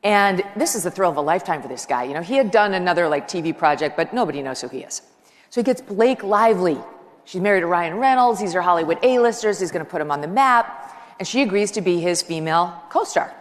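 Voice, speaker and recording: A woman's voice: lowish voice, fast talker. Chatty woman speaking in a big hall. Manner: chatty, joking, excitable, rambling asides. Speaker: talk show host giving a stage speech. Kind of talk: conversational live stage speech. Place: large live event hall with an audience. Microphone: handheld microphone while walking. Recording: long reverb of a large hall.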